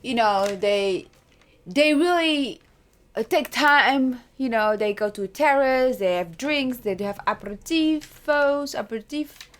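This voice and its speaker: Higher-voiced woman chatting and joking. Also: lively intonation, unhurried, fairly bright tone. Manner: chatty, joking, with a light laugh. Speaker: podcast co-host. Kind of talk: casual chat.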